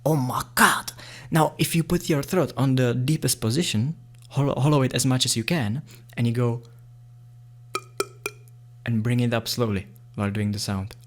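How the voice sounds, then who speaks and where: A man teaching beginner beatbox sounds in a casual, playful tutorial, often excited and laughing. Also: medium pitch, moderate pace.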